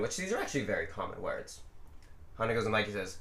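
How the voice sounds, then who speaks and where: Brief: podcast host, bright forceful male voice, laughs a lot, echoey room. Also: mid-range voice, animated, a little fast. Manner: giggly, teasing, rambling. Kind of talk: casual wrestling podcast chat.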